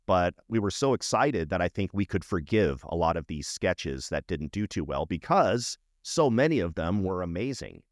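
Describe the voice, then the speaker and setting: A man's voice: low-pitched, no echo, clean studio sound. A middle-aged man co-hosting a podcast, telling stories in casual chat and checking in with asides. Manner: animated storytelling, frequent "right?" asides. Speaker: podcast co-host.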